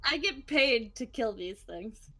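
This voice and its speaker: Female player with a higher voice; playful, casual table talk. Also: lively intonation, slow, bright, forceful tone. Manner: joking, laughs easily. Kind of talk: casual tabletop role-play.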